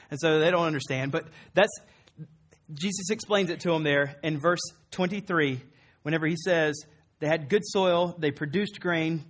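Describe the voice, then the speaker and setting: A pastor in the pulpit, a man whose voice sits somewhat higher than most. He preaches with earnest emphasis, leaning on repeated phrases to drive each point home. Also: moderate pace. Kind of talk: sermon.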